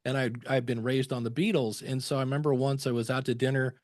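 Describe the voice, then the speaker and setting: A man guesting on a podcast, telling relaxed stories and acting out quotes from other people. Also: mid-range voice, fast, no room sound, clean studio sound. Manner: chatty anecdotes with acted quotes. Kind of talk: conversational interview storytelling.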